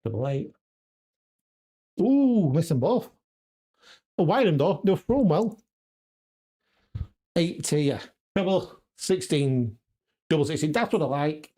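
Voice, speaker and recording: A man's voice: a little high, sing-song, slow, pauses often, dark tone. A man on a casual live stream, practicing darts and muttering checkout numbers to himself, then chatting with viewers. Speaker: darts vlogger. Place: home darts room.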